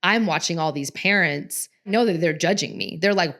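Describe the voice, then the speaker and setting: A woman's voice: on the low side, moderate pace. A woman co-hosting a parenting podcast, talking earnestly and telling a personal story in casual conversation. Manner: earnest, storytelling, animated quoting. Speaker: podcast co-host.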